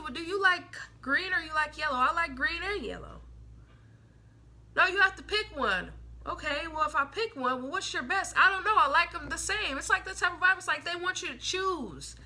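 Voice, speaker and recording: A young woman gives a casual tarot reading in a very high-pitched, sharp voice. She's chatty and blunt, heavy on slang and swearing, and she acts out the people she quotes.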